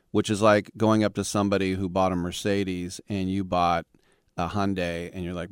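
Low, smooth-voiced sports radio host. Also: male voice, level tone, moderate pace, no room sound, clean studio sound. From San Francisco Bay Area. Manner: wry, rambling, sarcastic asides. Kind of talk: sports talk radio monologue.

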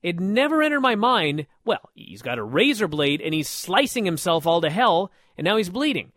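Animated man telling a story on radio. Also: moderate pace, dry recording, studio quality. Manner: animated storyteller, lively rising pitch. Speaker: radio show host. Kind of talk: casual talk radio chat.

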